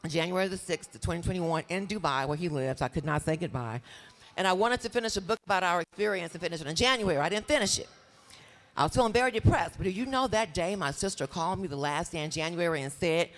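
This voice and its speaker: A woman comedian doing live stand-up, chatty and joking with the crowd from a stage. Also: lowish voice. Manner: animated, chatty, jokes with the crowd. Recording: long hall reverb.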